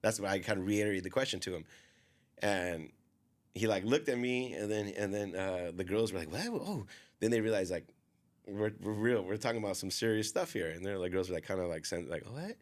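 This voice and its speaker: A man's voice: low voice, fairly quick. A man telling a long story in a casual podcast chat, rambling, full of fillers, and often quoting what others said.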